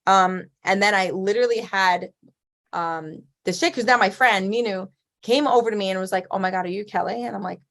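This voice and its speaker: A chatty woman in her thirties is talking as a guest in a relaxed interview. She tells her stories loosely, peppers them with "like", and laughs easily as she goes. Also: mid-range voice, normal speed. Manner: chatty, laughs often, lots of "like". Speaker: guest athlete. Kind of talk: casual interview chat.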